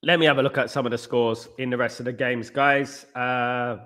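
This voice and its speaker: A man's voice: mid-range voice, flat delivery, moderate pace, pushed and bright. A man hosting a live football watchalong late at night from home, reading viewer comments aloud and answering them in a rambling, blunt and scornful way about the match. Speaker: watchalong host.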